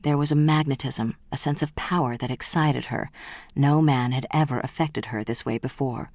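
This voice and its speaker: An audiobook narrator reading a novel in an even, measured way. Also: mid-range voice, dry recording. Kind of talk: scripted narration.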